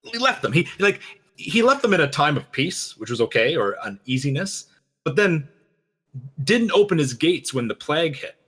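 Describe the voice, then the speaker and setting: A man co-hosting a game lore reaction show, talking fast and animatedly, acting out quoted lines. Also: a little high, very animated, a bit bright, slightly rough. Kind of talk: casual chat, lore analysis.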